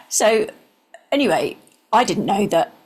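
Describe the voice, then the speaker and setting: Husky, gravelly older woman telling a story. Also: on the low side, unhurried. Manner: earnest, drops into soft whispers. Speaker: interview guest. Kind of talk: personal storytelling.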